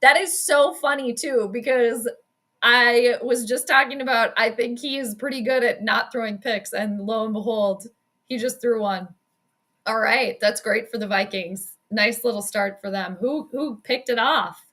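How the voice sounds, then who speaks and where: Woman, upper-middle pitch, bright and forceful, chatty live-stream sports commentator. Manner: chatty, quick reactions, frequent laughs and self-deprecating asides.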